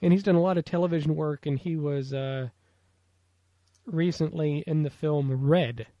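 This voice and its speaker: A man's voice: a little high, moderate pace, warm tone, no echo, highs cut off. An American man co-hosting a casual movie podcast, rambling with lots of fillers. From United States. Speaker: podcast co-host.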